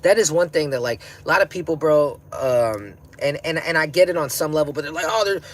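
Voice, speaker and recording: Higher-pitched and brisk, a man runs a laid-back livestream while stoned. He chats loosely in slang, reads comments aloud and keeps breaking into laughter.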